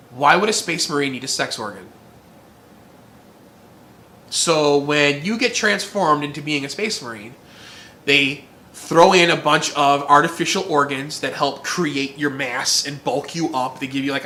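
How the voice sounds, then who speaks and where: A man's voice: a little high, pushed and bright, a little hiss or hum. Goofy, rambling man musing on camera. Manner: goofy, rambling, self-interrupting. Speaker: channel host. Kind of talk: casual musing monologue.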